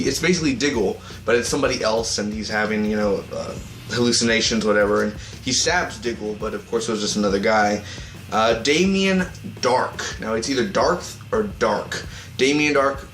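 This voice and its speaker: A man giving a casual spoken review of a TV episode, rambling and excitable, recorded on a tablet. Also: mid-range voice, reverberant, slight background noise. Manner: rambling and excitable, acts out characters' lines.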